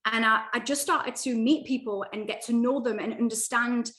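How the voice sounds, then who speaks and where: Upbeat woman in an echoey room. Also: on the high side. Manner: upbeat, animated, quick bursts with restarts. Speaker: guest, mindset coach. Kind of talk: casual interview chat.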